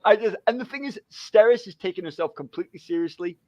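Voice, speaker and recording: A man co-hosting a casual book chat, an animated storyteller who laughs a lot and acts out the lines he quotes. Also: high-pitched, fast, dry recording, lo-fi sound. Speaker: book club co-host.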